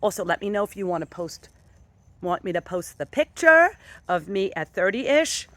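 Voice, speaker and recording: A woman giving a casual motivational vlog talk as a wellness and fitness motivator, animated and enthusiastic with sudden jumps in pitch, speaking outdoors on a dog walk. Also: normal speed, no room sound.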